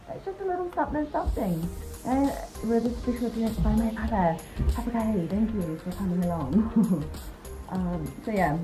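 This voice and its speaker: A young woman with a New Zealand accent chatting casually in a vlog about her airport night shifts, upbeat and quick to laugh. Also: on the low side, low-quality recording. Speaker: vlogger and airport worker. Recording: background music under the voice.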